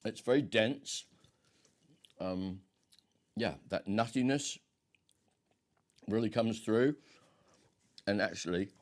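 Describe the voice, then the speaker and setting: Unhurried man with lively pitch. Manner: rambling, with many hesitations and fillers. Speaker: quiz host. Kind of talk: casual quiz hosting with food tasting.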